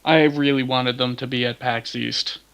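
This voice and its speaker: A man's voice: mid-range voice, steady tone, moderate pace, vocal fry, a bit bright, clean tone. A man co-hosting a casual gaming podcast, easygoing and playful. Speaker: podcast co-host. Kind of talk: casual chat.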